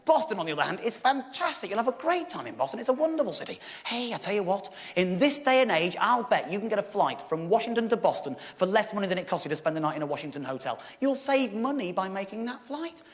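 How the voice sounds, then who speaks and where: Comedian doing a coaxing friend. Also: male voice, high-pitched, sing-song, quick pace, few pauses, voice pushed down. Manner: coaxing, salesmanlike. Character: smooth-talking persuasive male friend. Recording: live show with audience laughter.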